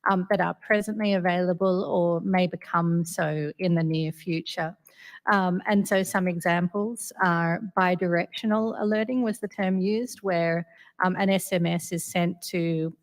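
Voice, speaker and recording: Woman panel moderator, slightly low voice, courteous and deliberate, ums often. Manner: measured, polite, with frequent ums.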